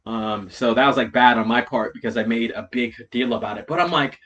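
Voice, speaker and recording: Bright-voiced man telling a wild story. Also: brisk, highs cut off. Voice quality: heavy swearing, slangy, repeats "right?" and "bro". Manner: animated, swings from loud retelling to low mutters. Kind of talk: casual storytelling chat.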